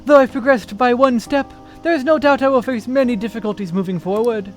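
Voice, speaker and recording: A man's voice: very high-pitched, a little fast, soft background music. A man reading a pompous, grandiose young male artist aloud on stream, with theatrical, flowery speech. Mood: pensive.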